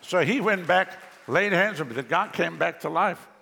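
A man preaching a sermon as pastor, animated, with sweeping pitch jumps and chuckling asides. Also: moderate pace, vocal fry, slightly rough, in a large hall.

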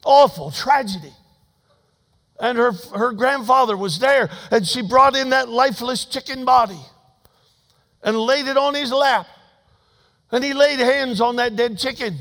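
Unhurried and pausing often, a high-voiced pastor tells his sermon like a folksy, funny story. He moves from loud, emphatic statements to soft asides, and every phrase trails away into a big sanctuary's lingering reverb.

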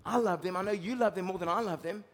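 High-voiced preaching man in an echoing hall. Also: quick pace. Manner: dynamic preaching, rising loud for emphasis and dropping low. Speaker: pastor. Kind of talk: sermon.

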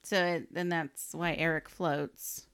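A woman's voice: low-pitched, little pitch movement, takes it slowly, fairly bright tone, smooth. A woman co-hosting a podcast, chatting casually about a movie with frequent laughter. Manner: laughs often, amused asides. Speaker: podcast co-host. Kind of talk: casual movie-recap chat.

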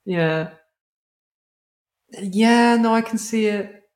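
A woman's voice: mid-range voice, extremely slow, a little mellow. A woman co-hosting a podcast, chatting casually in an exasperated, sweary way. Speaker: podcast co-host. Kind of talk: casual chat.

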